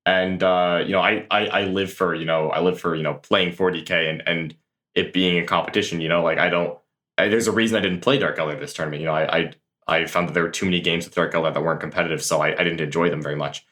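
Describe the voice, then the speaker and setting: Male guest, very low voice, earnest and thoughtful interview answers. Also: steady tone, quick pace, fairly bright tone. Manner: thoughtful, earnest, with many fillers and restarts. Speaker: guest tabletop tournament player. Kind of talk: casual podcast interview answers.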